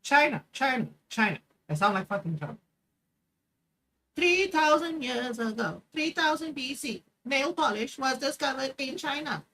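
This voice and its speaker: Woman streamer ranting and swearing at clips, voice swings all over, kinda high. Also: a little slow, creaky, a little hiss or hum. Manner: animated, swears heavily, mocking. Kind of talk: profane reaction rant.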